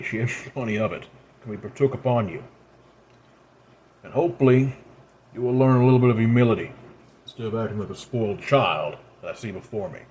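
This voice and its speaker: A man voicing a stern, ancient father who solemnly lectures his disobedient daughter in a measured, grave manner, speaking a little higher and louder than his narration. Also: lightly acted.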